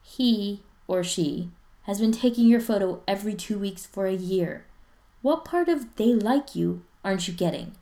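A woman voicing a playful, teasing teenage boy who talks in an excitable, raised voice. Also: medium pitch, a little slow, creaky, voice pushed up.

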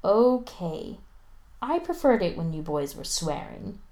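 A woman's voice: lowish voice, very animated, takes it slowly, a little mellow, voice pushed up. Woman doing a dry teasing mom. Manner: dry, teasing, mock-stern. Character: brisk teasing middle-aged mother.

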